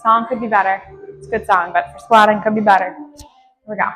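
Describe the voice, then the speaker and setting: A woman powerlifter chatting out loud between heavy squat sets, out of breath, in her home garage gym. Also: mid-range voice, steady tone, brisk, soft background music. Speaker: powerlifting vlogger. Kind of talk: casual mic'd-up training commentary. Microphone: clip-on mic.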